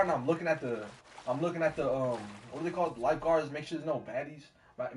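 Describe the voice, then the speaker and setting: A young man streaming a game and telling a rambling story in casual slang, laughing at himself and acting out quotes loudly. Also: medium pitch, quick pace. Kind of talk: casual storytelling while gaming. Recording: distant mic with faint background noise.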